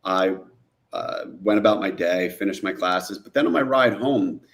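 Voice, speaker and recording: A man's voice: sits low, moderate pace. A man from New Jersey, a guest and film director, telling his own story in an interview and acting out the people he quotes. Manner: animated retelling, acting out quoted voices.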